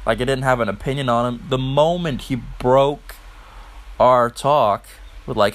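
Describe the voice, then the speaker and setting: A man's voice: medium pitch, normal speed. A man casually telling a story, rambling and swearing, with many filler words. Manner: rambling, profane, lots of "like" fillers. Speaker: podcast host.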